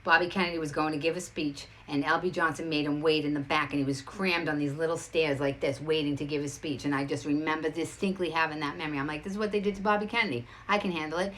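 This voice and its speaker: Female host, low-pitched, rapid and emphatic, storytelling to camera. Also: a bit bright. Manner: rapid, emphatic, restarts a lot. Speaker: show host.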